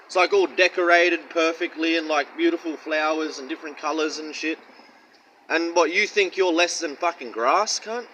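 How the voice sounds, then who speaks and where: A man's voice: a little high, normal speed, pushed and bright, a little hiss or hum, rough recording. A man giving casual Bible teaching in a blunt, profane, mocking way and rambling slang. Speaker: street-style preacher.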